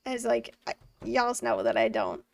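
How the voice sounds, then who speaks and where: High, gravelly-edged woman streamer chatting. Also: huge pitch swings, moderate pace, darkish tone, far from the mic. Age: 20s. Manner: chatty, laughs often, talks to chat and the game. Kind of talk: casual live-stream chat while gaming.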